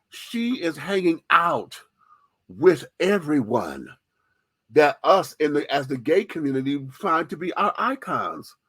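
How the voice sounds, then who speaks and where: A man's voice: mid-range voice, fairly bright tone, no echo. A man hosting a radio show, speaking in impassioned, profane, sassy commentary.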